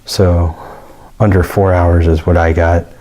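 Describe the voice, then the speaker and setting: A man's voice: deep voice, level tone, unhurried, warm tone. A man giving a casual, rambling product review with many fillers and restarts. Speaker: gear reviewer.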